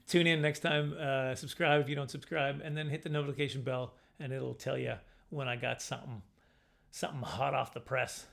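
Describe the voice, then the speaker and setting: A middle-aged man telling a self-mocking comic story to camera in a casual, animated way. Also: moderate pace, vocal fry. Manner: animated, self-mocking, jumps into high squeaky voices for his younger self. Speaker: comedian storyteller.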